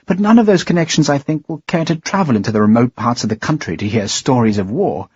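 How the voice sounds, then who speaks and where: A man's voice: medium pitch, animated, darkish tone, slightly rough, no room sound, dull audio. A male narrator voicing a poised woman who speaks politely but coolly. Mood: aloof. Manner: measured, polite, aloof. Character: woman, cool, poised and dismissive.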